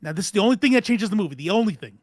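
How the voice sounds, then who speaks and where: A man's voice: high-pitched, lively intonation, no echo, studio quality. A man co-hosting a podcast, teasing his partner in casual comedic chat with frequent laughter. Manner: laughing, teasing, quick banter. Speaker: podcast co-host.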